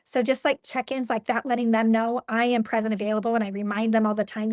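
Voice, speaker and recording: A woman's voice: a little high, flat delivery, quick pace, few pauses, a little mellow, no echo, clean studio sound. A woman in her forties shares her experience as a guest in an interview, speaking earnestly and reflectively with frequent fillers and restarts. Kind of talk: personal interview conversation.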